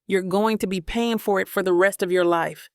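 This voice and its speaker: A woman gives voice to a wealthy young man who is bitter and set on revenge. His threats come out cold, with a gravelly edge. The sound is dry and close. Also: medium pitch, fairly even intonation, moderate pace, no room sound, natural voice.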